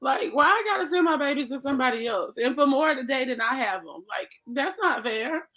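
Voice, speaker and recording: A woman's voice: sits high, animated, a little fast, fairly bright tone. A woman, co-hosting a casual chat, teasing and laughing along. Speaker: co-host.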